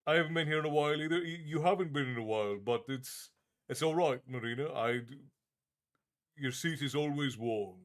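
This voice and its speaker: A man's voice: on the high side, a little fast. A man hosting a livestream in a tavern-keeper persona, chatting casually and reading out viewer comments in a friendly, easygoing way with frequent restarts.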